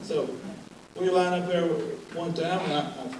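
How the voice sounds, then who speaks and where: A man's voice: fairly high pitch, unhurried, noisy background. An older man telling folksy, wry roast stories about his old coach, laughing through the punchlines. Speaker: roast speaker, former player. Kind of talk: comedic roast storytelling. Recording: echoey hall, mic at a distance.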